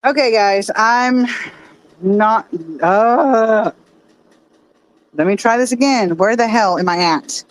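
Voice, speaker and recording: A woman with a somewhat high voice chats to her live-stream audience from her phone at home. She swears freely and grumbles at her gear. The sound is dry and close, with no room echo. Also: takes it slowly, pauses often. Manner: frustrated, swears a lot, talks to chat. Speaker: streamer showing her fish tanks. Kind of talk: casual live-stream chat.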